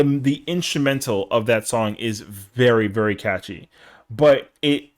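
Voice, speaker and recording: A young man chatting casually on a live stream, rambling in slang with lots of fillers. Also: lowish voice.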